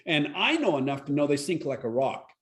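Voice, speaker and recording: A man leading a Bible study, telling his testimony in an animated way and acting out the quotes in his story. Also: a little high, fairly quick.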